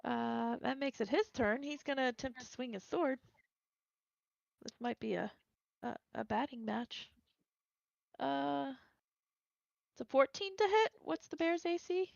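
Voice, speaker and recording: A woman's voice: high-pitched, a little slow, vocal fry, long pauses, no room sound, muffled recording. A woman running a tabletop game as game master, chatting casually and laughing often.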